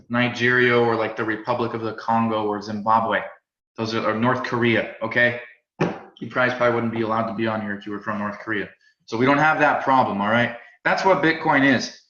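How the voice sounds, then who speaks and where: Energetic male instructor, chatty, stumbles and repeats words, forceful tone, roomy recording. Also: medium pitch. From United States. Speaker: crypto trading instructor. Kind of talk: live class presentation. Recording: roomy, slightly dull sound.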